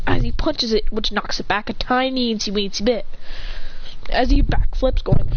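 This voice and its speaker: A woman's voice: on the high side, normal speed, slight background noise. A woman telling a homemade action story in a casual, rambling way, stringing events together with many restarts. The recording is dull and lo-fi.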